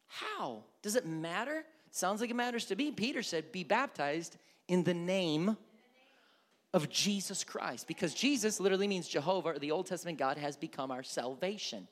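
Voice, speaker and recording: A man preaching a sermon as pastor, animated, acting out quoted prayers and shouts. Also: high-pitched, moderate pace, long reverb tail. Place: church.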